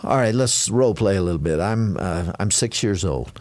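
A man's voice: low-pitched, animated, moderate pace, darkish tone. A man hosting an interview, conversational, prompting his guest with questions and short agreements. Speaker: radio host. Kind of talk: radio interview.

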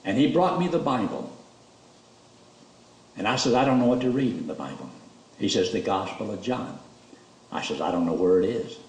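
A man's voice: moderate pace, pauses often. A man, preaching and telling a personal testimony in a church. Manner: storytelling, animated, rises high when emotional. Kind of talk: sermon testimony. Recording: roomy, distant mic.

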